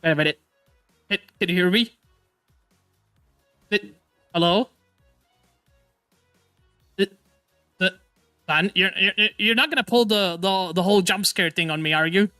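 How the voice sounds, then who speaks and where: A man hosting a casual live stream as a VTuber, excitable, stammering and often laughing or swearing. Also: high-pitched, measured pace, pauses often, smooth, no room sound, faint music behind.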